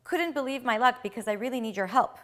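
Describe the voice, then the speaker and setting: Woman doing a brisk urgent male messenger, fairly high voice, spoken tale. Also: lively intonation, fairly bright tone.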